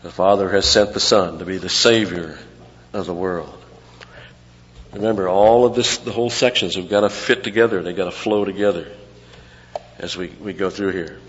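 Male pastor teaching Scripture verse by verse, slightly low voice, long church-hall echo. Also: normal speed, dull audio. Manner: teaching verse by verse, explaining grammar, repeats phrases for emphasis. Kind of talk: expository sermon.

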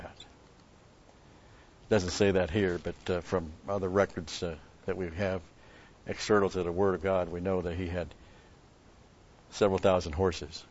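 A man's voice: low-pitched, darkish tone, highs cut off. A man preaching a sermon, telling a story and asking rhetorical questions with an occasional chuckle.

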